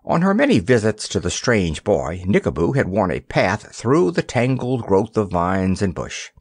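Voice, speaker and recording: A man reading a children's fantasy audiobook aloud in an expressive storytelling manner. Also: on the low side, normal speed, slightly rough, dry recording. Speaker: narrator. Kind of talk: audiobook narration.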